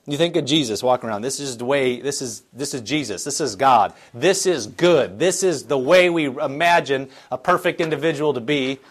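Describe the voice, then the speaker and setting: A middle-aged man preaching a sermon in a church, reading scripture aloud and explaining it in a conversational, earnest way with frequent restarts. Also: mid-range voice. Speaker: pastor.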